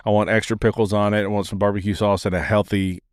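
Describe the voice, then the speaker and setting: A man's voice: lowish voice, level tone, fast talker, dry recording, clean studio sound. A man hosting a podcast, chatting casually in an easygoing, laid-back way with short agreeable replies. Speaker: podcast host. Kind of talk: casual chat.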